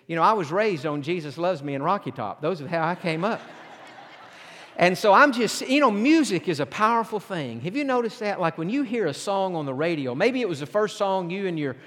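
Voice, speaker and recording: A middle-aged pastor from Tennessee preaching a sermon, telling folksy stories with self-deprecating humor. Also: male voice, high voice, lively intonation, a little fast, fairly bright tone. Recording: long hall reverb.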